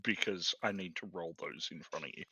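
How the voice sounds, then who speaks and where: A man's voice: low voice, fairly quick, vocal fry, pushed and bright, slightly rough, muffled recording. A man playing a tabletop game, joking and teasing casually. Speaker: player.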